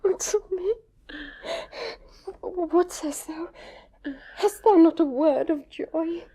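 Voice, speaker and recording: Distraught young noblewoman, measured, high, pleading in tears. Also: dark tone. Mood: despairing. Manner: tearful, pleading. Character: young noble girl, desperate and defiant daughter. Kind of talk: 1970s radio drama acting.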